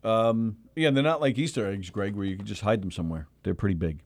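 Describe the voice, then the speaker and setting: A man's voice: on the low side, fairly quick, dry recording. A man co-hosting a comedy radio show, telling a rambling story in casual banter with lots of restarts. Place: radio studio.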